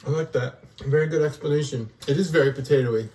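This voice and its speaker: A man's voice: a little high, fast talker, darkish tone. A cheerful middle-aged dad taste-tests a homemade dish alongside his kids, cracking playful jokes as he goes. His voice is caught from some distance off the mic. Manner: jokey, upbeat, playful dad humor. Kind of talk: casual family food review. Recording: voice picked up from a distance.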